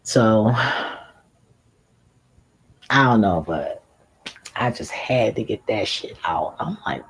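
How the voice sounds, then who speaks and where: A woman streaming a casual, profane rant, animated and laughing often as she talks. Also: extremely low pitch, slow, pauses often, slight background noise, low-quality recording. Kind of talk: casual ranting monologue.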